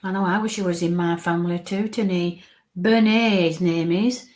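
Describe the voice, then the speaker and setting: Hushed, halting woman medium. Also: lowish voice, fairly even intonation. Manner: halting, coaxing, murmurs soft asides. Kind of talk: live spirit reading.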